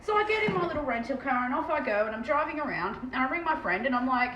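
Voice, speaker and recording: A woman with an Australian accent chatting fast and casually on a live stream as she paints terrain, swearing freely. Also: high-pitched, animated, a bit bright. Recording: echoey room with faint background noise.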